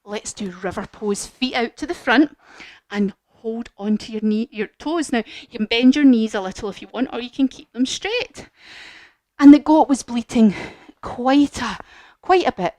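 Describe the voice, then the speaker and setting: A woman leading a children's yoga lesson as a story, animated and encouraging. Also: fairly high pitch, moderate pace, no room sound. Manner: animated, encouraging, sing-song. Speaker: kids yoga teacher.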